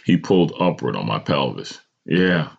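A man's voice: rumbling low, moderate pace. A man hosting a podcast, reading a personal story aloud with dramatic storytelling and small stumbles, on a dull lo-fi recording. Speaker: podcast host.

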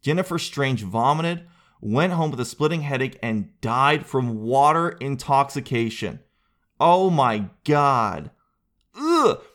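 A man's voice: medium pitch, expressive, takes it slowly, a bit bright. A man hosting a solo podcast, rambling through jokey riffs with crude asides and self-mocking tangents. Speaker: podcast host. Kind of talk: solo comedic podcast chat.

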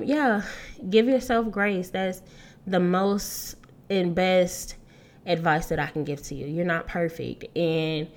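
A thirty-year-old woman hosting a solo podcast, talking in a casual, earnest way and laughing often. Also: fairly low pitch. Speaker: podcast host.

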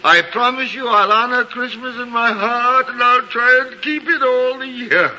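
A man's voice: very high voice, fairly even intonation, moderate pace, bright, forceful tone, full character voice. An actor playing a frightened, pleading old miser in a 1940s radio drama, his voice broken and anguished. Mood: desperate. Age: older. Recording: dull, hissy 1949 radio broadcast.

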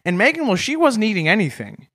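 A man's voice: high-pitched, wildly swooping pitch, fast talker, pushed and bright, dry recording, clean studio sound. A man co-hosting a comedy podcast, telling absurd made-up stories in a mock-serious, straight-faced way. He is from Toronto. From Toronto, Canada. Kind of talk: deadpan comedic storytelling.

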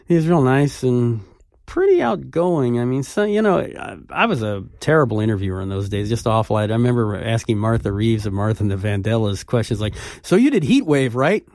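Guy in his 60s rambling thru old stories, laughs a lot, lowish voice, dry mic. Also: lively intonation, brisk, a little mellow, no room sound. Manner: rambling anecdotes with frequent laughs. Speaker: music interviewer and writer. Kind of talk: relaxed storytelling interview.

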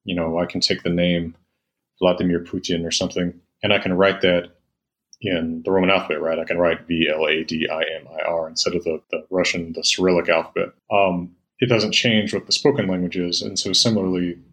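Low-voiced and level in tone, this middle-aged Old Norse scholar speaks briskly with a fairly bright quality. As an interview guest he gives long, patient, lecturing explanations full of ums and fillers.

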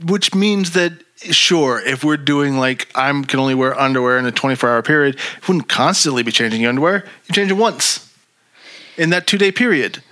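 Guy cohosting a podcast, bright voice, dry sound, jokes and swears a lot. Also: mid-range voice, fairly quick, no echo. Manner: joking, swears freely, riffs on the episode. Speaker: podcast co-host. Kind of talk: casual chat.

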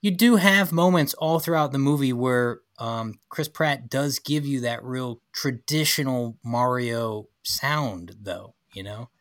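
A man's voice: medium pitch, measured pace, few pauses, fairly bright tone, no echo, studio quality. A man co-hosting a casual movie-review podcast. He talks thoughtfully, weighs his words and repeats his key phrases. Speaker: podcast co-host.

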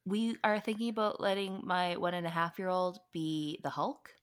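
A woman's voice: lowish voice, normal speed. A woman guesting on a podcast, chatting casually and joking with easy laughter. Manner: laughs easily, relaxed joking. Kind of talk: casual chat.

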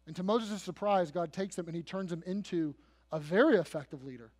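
A man preaching a sermon as pastor, telling the story dramatically, dropping soft and then building to loud emphasis. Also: high voice, normal speed. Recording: long reverb of a large hall.

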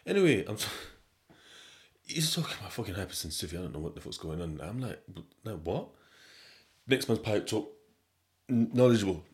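Deep-voiced male podcast host, casual slangy storyteller, animated, loud and quiet by turns. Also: fast. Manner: animated, slangy, repeats himself, swings between loud and quiet.

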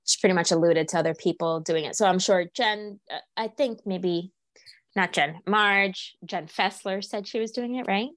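A woman chats casually as a podcast co-host, bouncing her pitch up and down as she acts out what others said. Her voice sits in a middle range. The sound is close and dry, with no room around it. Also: normal speed, no echo. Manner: animated, acts out quotes with swooping pitch. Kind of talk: casual chat.

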